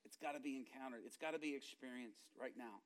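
A middle-aged man preaching a sermon, telling family stories and moving between hushed asides and loud, impassioned outbursts. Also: medium pitch, fast. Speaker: pastor.

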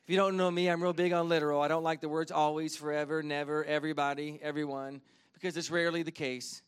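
A pastor in his thirties preaching to his congregation with a slightly high voice. He tells personal stories quietly, then rises to emphatic points. He slows down deliberately when reading scripture. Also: flat delivery, smooth. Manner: earnest, builds from quiet to emphatic; reads scripture slowly and deliberately. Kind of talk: sermon.

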